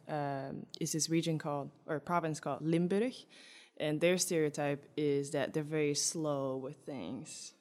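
A young woman from Antwerp with a Flemish accent, chatting casually as a guest and laughing often as she explains. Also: sits low. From Belgium (Antwerp). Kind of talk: casual chat.

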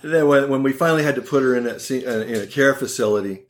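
Fast and medium-pitched, the voice belongs to a man near sixty who works as an oral surgeon. He's a guest on a podcast, casually recounting humorous family tales, lively and wry, laughing and acting out the quotes.

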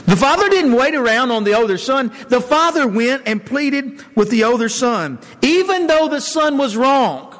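A male pastor preaching a sermon in a conversational way, with fillers and quick self-corrections. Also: very high voice, lively intonation, fairly bright tone. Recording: long hall reverb.

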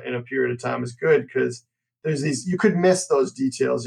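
Gravelly, husky guy, casual co-host who rambles through his explanations. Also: medium pitch, poor audio. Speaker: podcast co-host. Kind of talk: casual podcast chat.

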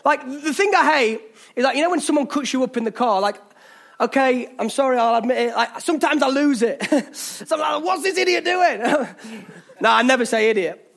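English pastor preaching in church, really high voice, fired up and joking around. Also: male voice, normal speed, creaky, fairly bright tone. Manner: passionate, exhorting, jokey asides. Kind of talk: sermon. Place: church hall.

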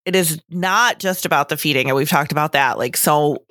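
A woman co-hosting a casual podcast, chatty and animated, with lots of fillers. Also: low voice, fairly quick, dry recording, clean studio sound. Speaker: podcast co-host.

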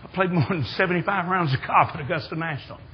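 Older preacher, very husky, high voice, folksy sermon that climbs to excited shouting. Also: male voice, fast talker, lo-fi sound. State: hard of hearing. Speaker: guest preacher. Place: church sanctuary.

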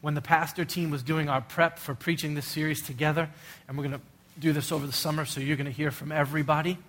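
A man's voice: on the high side, level tone, fast, fairly bright tone. A middle-aged male pastor preaching a sermon in an earnest, urgent way, full of rhetorical questions.

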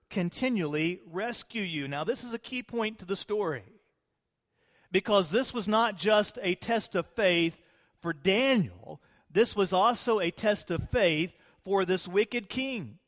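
A man, a pastor, telling a scripture story in a sermon, dramatic and swinging between loud and hushed. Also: sits high. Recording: long hall reverb.

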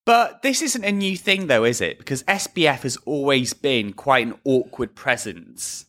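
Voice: mid-range voice, expressive, moderate pace, a bit bright. A British podcast host who chats casually, tells stories with animation and slips into mimicking other voices.

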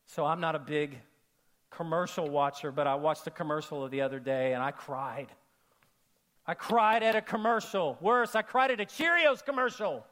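A male pastor with a notably high voice preaches to a church congregation. He talks in an animated way, acts out the people he quotes, and sinks into hushed, intimate tones to drive home a point. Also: moderate pace. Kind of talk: sermon.

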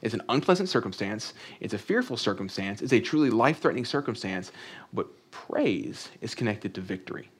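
A man's voice: on the low side, lively intonation, fairly quick, breathy edge. A man preaching a sermon in a conversational way, reading scripture aloud and adding joking asides. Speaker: pastor.

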